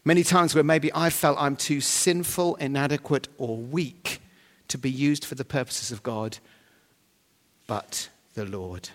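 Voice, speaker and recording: A man preaching a sermon, humorous and animated, with sudden loud bursts of emphasis. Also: mid-range voice, a little slow. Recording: long hall reverb.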